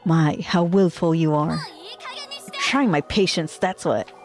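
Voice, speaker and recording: A woman voicing a sly, taunting serpent spirit in a horror game, reading its lines in a slow, mocking way. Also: low voice, a little mellow, soft background music. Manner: mocking, calls her lass.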